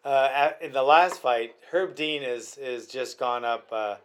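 A man's voice: mid-range voice, measured pace, slight background noise. A man chatting casually about fights as a podcast host, rambling and restarting his sentences often.

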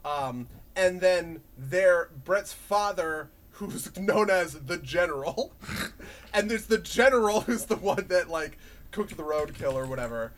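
A man in casual podcast chat, rambling and animated, laughing often and swearing. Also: sits high, a little slow. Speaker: podcast co-host.

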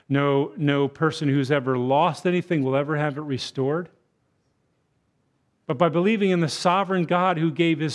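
A man preaching a sermon in church, moving between hushed, tender passages and loud, bellowing emphasis, and acting out voices for effect. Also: fairly high pitch. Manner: acts out quoted voices for effect. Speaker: guest preacher. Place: church sanctuary.

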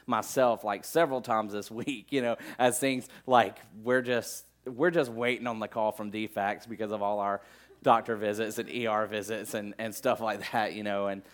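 A man's voice: lowish voice, steady tone, normal speed. A middle-aged male pastor preaching a sermon in a loose, conversational way, full of asides and fillers.

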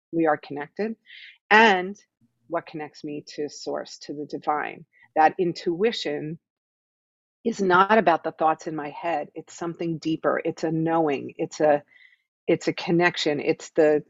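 A woman's voice: sits low, no room sound. A woman meditation teacher speaks as an interview guest in an earnest, explanatory way. She often checks in with "right?" as she makes her points. The recording is a little dull and very dry.

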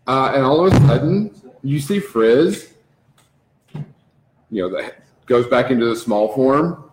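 A man narrating a tabletop game as game master, in a slow, descriptive, dramatic manner. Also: mid-range voice, roomy sound, a little hiss or hum, low-quality recording.

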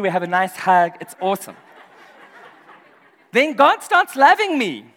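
Brief: male pastor, animated and funny, high and sing-song, long hall reverb. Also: unhurried, long pauses. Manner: animated, humorous, laughs often. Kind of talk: sermon.

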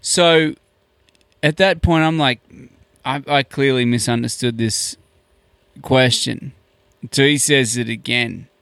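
A man spins a casual story as a podcast guest, his voice gravelly yet smooth and resonant. He acts out each quoted exchange with a lot of "I'm like." The sound is dry and close. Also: mid-range voice, slow, no echo. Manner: animated, acts out quoted dialogue with many "I'm like".

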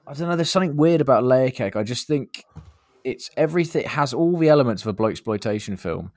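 This man, also a podcast co-host, has a mid-range, darkish voice with lively intonation and a quick pace. He chats enthusiastically about movies and performs lines from them, recorded dry.

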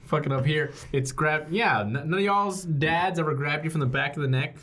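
A man's voice: fairly high pitch, normal speed, a crowd in the background. A man playing a tabletop game, joking around in casual chat with a lot of swearing. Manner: profane, joking, lively. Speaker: player.

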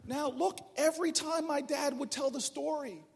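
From far off in a reverberant public hall, a New Jersey politician tells humorous stories to a town hall crowd. His voice is extremely high-pitched with vocal fry, moving at a moderate pace, and there's a little hiss or hum. The storytelling speech is animated and funny, full of restarts.

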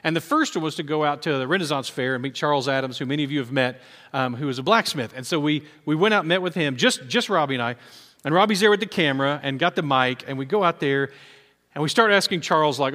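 A man preaching a sermon as a pastor, telling a story with lively, acted-out quotes. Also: fairly high pitch, fast. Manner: animated storytelling, acting out quotes. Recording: long hall reverb.

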